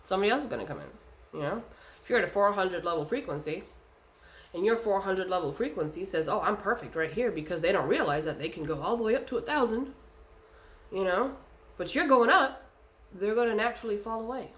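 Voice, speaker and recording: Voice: medium pitch, lively intonation, fairly quick, a bit bright. A speaker talking casually and bluntly, giving spiritual advice in a vlog, swearing often and using lots of fillers.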